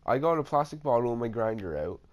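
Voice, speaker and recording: A man talks into a home computer mic while gameplay runs, telling a story from his own life. He rambles, swears freely, and often restarts his sentences. His pitch is in the middle of the usual range for a man. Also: sing-song, fast, lo-fi sound. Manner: rambling, profane, with many restarts and fillers. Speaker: storytime vlogger. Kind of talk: casual storytelling over gameplay.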